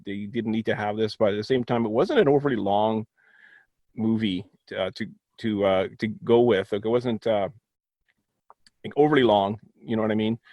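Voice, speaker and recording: A man's voice: fairly low pitch, normal speed, a little mellow, no room sound. A man in a casual film review chat who rambles and restarts his thoughts often.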